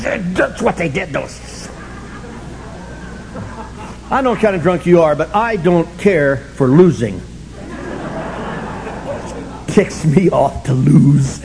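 An older man sharing his story at a recovery meeting, sardonic and humorous, breaking into shouts. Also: sits high, unhurried, gravelly, long pauses, soft background music, low-quality recording. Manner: animated, sardonic, bursts into shouting.

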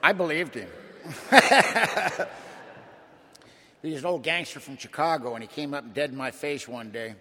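A man's voice: fairly high pitch, measured pace, pauses often, bright, forceful tone. A man giving a dramatic, folksy recovery testimony to a meeting. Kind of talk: personal testimony storytelling. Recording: long hall reverb.

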